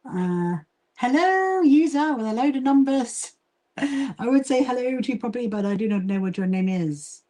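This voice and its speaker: A woman's voice: on the high side, lively intonation, normal speed, mellow. Livestream host: southern English woman, chatty, greets viewers while she sews. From England. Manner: chatty, greets viewers, talks while working, frequent restarts. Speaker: livestream host and quilting association founder. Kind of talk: casual livestream chat while sewing.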